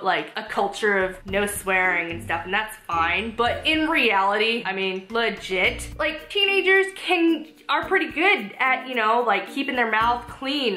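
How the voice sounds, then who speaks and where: A young woman in a casual, exasperated book review rant, animated and full of "like". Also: fairly high pitch, echoey room. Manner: animated, exasperated, says "like" often. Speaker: book vlogger.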